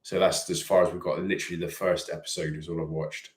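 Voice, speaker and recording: A man's voice: low voice, flat delivery, fast, roomy sound. A British man co-hosting a live chat stream, joking and rambling loosely. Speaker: livestream co-host.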